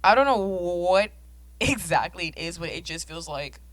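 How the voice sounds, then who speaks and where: A woman's voice: lowish voice, expressive, unhurried, no echo. A woman in her twenties co-hosting a podcast, talking casually and candidly, rambling with lots of fillers and the odd swear. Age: 20s. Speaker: podcast co-host. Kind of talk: casual chat.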